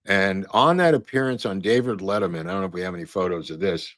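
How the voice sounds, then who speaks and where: A man's voice: sits low, fast, a bit bright, dry recording. A man hosting a podcast, talking casually over photos and clips in a rambling way with many fillers and restarts. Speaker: podcast host.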